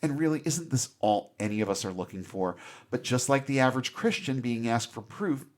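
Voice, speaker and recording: Sarcastic male co-host, mid-pitched, casual review banter. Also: animated, fairly quick. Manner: wry, sarcastic retelling with mock asides. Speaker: podcast co-host. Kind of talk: casual film review chat.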